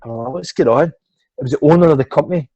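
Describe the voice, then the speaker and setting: A man's voice: a little high, rapid-fire, dark tone, dry recording. A middle-aged Scottish man, a swimming coach, telling a long sporting anecdote in casual chat, swearing freely and acting out the voices of the people in it. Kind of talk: casual storytelling interview.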